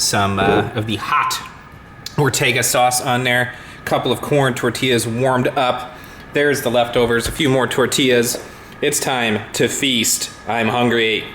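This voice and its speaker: A man in a casual home vlog, talking loosely to the camera and filling pauses with uhs and ums. His voice sits at an ordinary middle pitch. The room around him rings with noticeable echo. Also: a little hiss or hum. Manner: rambling, relaxed, many uhs and ums. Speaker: tech YouTuber vlogging his day. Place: at home indoors.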